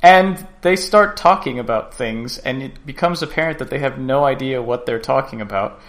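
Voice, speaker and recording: A man's voice: mid-range voice, moderate pace, fairly bright tone. A man co-hosting a podcast, chatting casually and often stumbling over his words. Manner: stumbling, repeats words, trails off. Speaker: podcast co-host. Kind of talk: casual chat.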